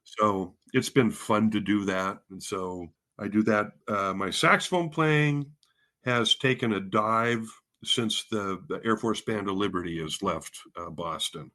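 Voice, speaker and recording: Unhurried and sharp in tone, this man's voice sits on the low side. He's a guest from Spokane, Washington, head of bands at a music school, telling his story in a relaxed interview, rambling and poking fun at himself with many fillers and false starts.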